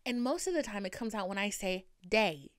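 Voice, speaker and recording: Woman, light Boston accent, young adult, podcast host, chatty and profane, smooth clear voice, dry close sound. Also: medium pitch, fast talker, no room sound. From Boston area, USA. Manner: chatty, profane, animated and dramatic. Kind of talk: casual monologue.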